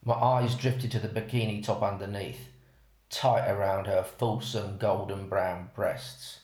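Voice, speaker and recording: A man, reading a first-person story aloud in an unhurried way. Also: lowish voice, level tone, darkish tone. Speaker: narrator. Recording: roomy echo.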